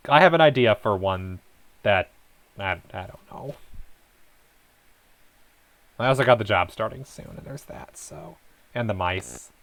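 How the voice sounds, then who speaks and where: A man's voice: lowish voice, creaky. A man hosting a let's play, rambling in casual gameplay commentary and cutting himself off mid-thought. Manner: rambling, self-interrupting.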